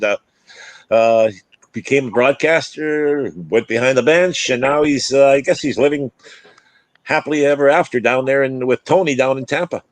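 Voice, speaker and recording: A man's voice: mid-range voice, no room sound. Older guy, ex hockey player, rambles through stories, trips over his words, dry close sound. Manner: rambling, stumbling restarts, acts out quotes. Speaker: former hockey player and broadcaster. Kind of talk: casual storytelling chat.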